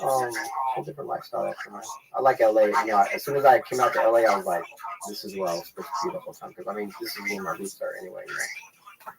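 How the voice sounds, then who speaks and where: A man speaking quickly in a lowish voice, spinning loose, rambling stories as an interview guest. His talk is laid back and full of filler, with the murmur of a crowd in the background. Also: gravelly, low-quality recording. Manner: relaxed, rambling, sprinkles "man" and "you know". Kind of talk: casual storytelling.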